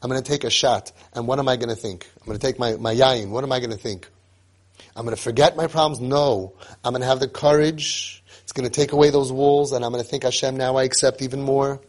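Husky man preaching a sermon. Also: medium pitch, steady tone, quick pace. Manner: emphatic, repeats phrases, storytelling.

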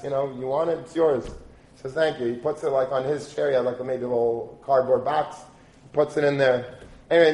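A man with a slightly high voice tells a story in a loose, casual way, acting out the people he quotes. His voice rings in a roomy, echoey space. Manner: animated, acts out quoted characters with Yiddish and Hebrew words. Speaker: rabbi telling a story.

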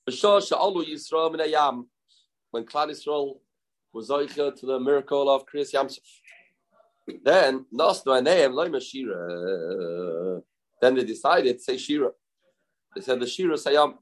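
A man teaching a Talmud lesson, chanting quoted verses in a sing-song and asking and answering his own questions. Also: mid-range voice. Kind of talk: Talmud lecture.

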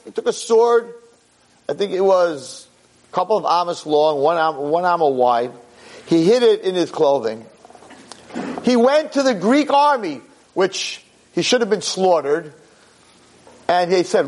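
A man giving a Torah lecture as a rabbi, impassioned, dropping low and grave then rising into sharp outbursts. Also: big pitch swings, normal speed.

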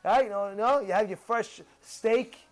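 High-pitched, animated male rabbi. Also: measured pace, faint music behind. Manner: animated, acts out excited voices, gasps, rhetorical questions. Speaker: rabbi teaching a Torah class. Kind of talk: animated Torah class.

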